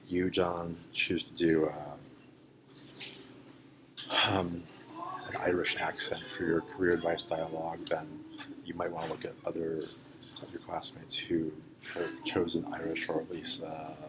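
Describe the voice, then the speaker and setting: A man with a plain General American accent gives a classroom English lesson, his voice sitting very low. He talks slowly and loosely, full of ums and restarts. Clear room noise runs behind him. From United States. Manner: relaxed and unhurried, with many ums and restarts. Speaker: English teacher. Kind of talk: classroom microlesson.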